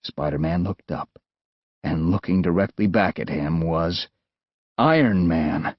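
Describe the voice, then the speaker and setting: Lively American male audiobook narrator. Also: low-pitched, measured pace, no echo. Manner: lively, expressive storytelling. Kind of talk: scripted narration. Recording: dull, dry studio sound.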